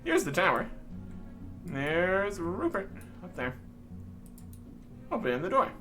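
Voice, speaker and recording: A man's voice: high-pitched, huge pitch swings, slow, sharp tone, soft background music. A man giving playful, jokey casual commentary while playing a game. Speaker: gaming YouTuber.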